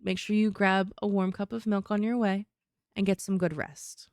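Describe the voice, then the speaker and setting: A fond mother sending someone off to bed, slow and coaxing, as a woman puts her on. Her voice is smooth and clear, and the sound is dry. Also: medium pitch, level tone, a little mellow, dry recording, natural voice. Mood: doting. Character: doting, gently stern mother at bedtime.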